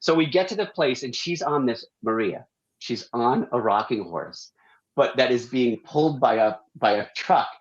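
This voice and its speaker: A male talk show guest tells a long family story casually and animatedly, performing the voices of the people involved. He has a mid-range voice and a moderate pace, and the audio sounds dull.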